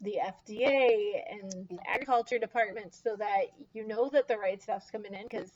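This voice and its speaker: A woman co-hosting a casual book discussion, lively and quick to act out characters' lines. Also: medium pitch, a little hiss or hum. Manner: animated, acts out quoted characters, frequent laughs. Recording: dull lo-fi recording.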